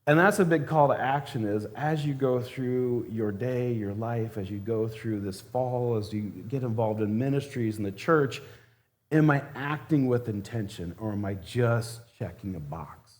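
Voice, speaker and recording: A male church elder delivering a sermon in a relaxed, conversational way. He is humorous and often acts out the scenes he describes. His voice sits at an everyday middle pitch. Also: measured pace.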